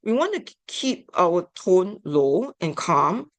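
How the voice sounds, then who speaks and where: A woman giving an instructional talk on family therapy, measured and deliberate. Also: on the low side, sing-song, no echo. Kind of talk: instructional lecture.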